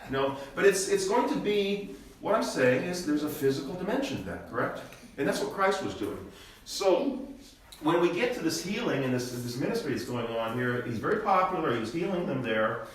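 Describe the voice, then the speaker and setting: An older man teaches a church Bible study, his voice sitting a touch high for a man. He works through his points with rhetorical questions, checking in with "okay?" over and over. The recording is heavily echoey, picked up from a distance in a church room. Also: expressive, normal speed. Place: church classroom.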